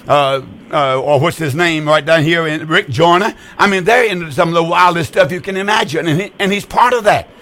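A man's voice: a little high, fairly bright tone. A man, hosting a call-in radio show and preaching in an emphatic, repetitive, folksy way. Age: 70s.

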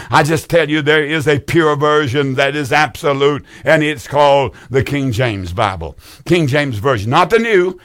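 This is an older man in his seventies who hosts a call-in radio show. His voice sits a bit high for a man. He preaches emphatically, repeats his points for weight and keeps a folksy, down-home tone. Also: a bit bright. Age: 70s.

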